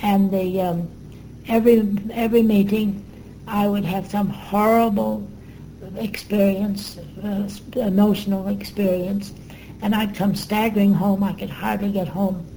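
Older woman with a mellow voice. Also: mid-range voice, fairly even intonation, vocal fry, slight background noise, rough recording. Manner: reflective, earnest storytelling with pauses and fillers. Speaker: interviewee. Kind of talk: recounting memories in an interview.

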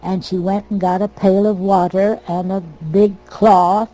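An older American woman telling family stories from her past in a plain, unhurried way. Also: medium pitch, level tone, dark tone, soft background music, poor audio. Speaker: storyteller. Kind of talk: oral history reminiscence.

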